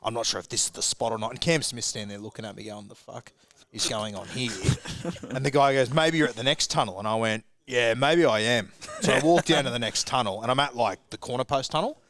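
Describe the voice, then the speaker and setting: Fast-talking Australian man telling a yarn. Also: mid-range voice, a bit bright, dry recording. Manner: rambling, laughing anecdote with acted quotes. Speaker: guest rugby league pundit. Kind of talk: casual storytelling on a live sports chat.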